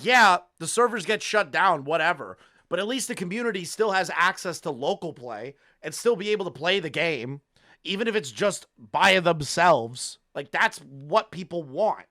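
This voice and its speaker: A man hosting a reaction stream, excitable and swearing, shouting in disbelief at a clip. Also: high voice, moderate pace, dry recording, clean studio sound. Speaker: streamer host.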